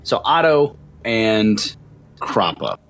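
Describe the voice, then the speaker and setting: A man's voice: on the low side, big pitch swings, very slow, fairly bright tone. A man narrating as game master of a tabletop role-playing game, often stumbling and repeating words.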